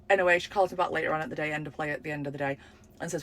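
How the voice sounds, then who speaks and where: A young woman tells a story in casual chat, acting out the voices she quotes with big jumps in pitch. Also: little pitch movement, racing, a bit bright.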